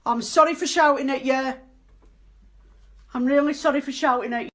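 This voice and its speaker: Woman, scared, talking into her phone in a dark house, pleading and cursing, voice sitting a bit high. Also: steady tone, moderate pace, long pauses. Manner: frightened, pleading, swearing. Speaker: cleaner alone in a supposedly haunted house. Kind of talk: filming herself, talking to viewers and to a ghost. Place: dark empty house at night, indoors.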